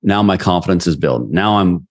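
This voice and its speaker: A man in his forties, a sales leader, telling a personal story in an interview, acting out quotes with lively energy. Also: low-pitched, a little fast. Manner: animated, acts out quotes. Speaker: guest, sales leader and coach.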